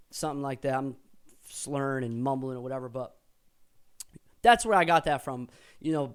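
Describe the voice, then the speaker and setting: Here a man's clear, resonant, medium-pitched voice moves at normal speed with long pauses. Older than he was, he casually explains his own rap lyrics with profanity and rapped excerpts, thinking aloud and fixing his words as he goes.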